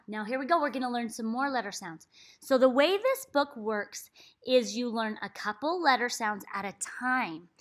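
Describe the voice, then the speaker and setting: A woman reading a phonics book aloud to young children, acting out letter sounds with big playful leaps in her voice. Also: on the high side. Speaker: reading teacher. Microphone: laptop computer.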